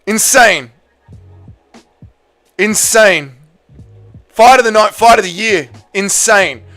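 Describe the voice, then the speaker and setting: A man hosting a live fight watch-along stream, commentating excitably and with heavy swearing, yelling at the big moments and then talking drained and emotional. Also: high-pitched, takes it slowly, soft background music. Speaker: livestream host.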